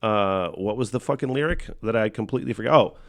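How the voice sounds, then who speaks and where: Profane, ranting American podcast host. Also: male voice, lowish voice, quick pace, a bit bright. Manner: profane, ranting, laughs often. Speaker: former rock radio DJ. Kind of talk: casual reaction commentary.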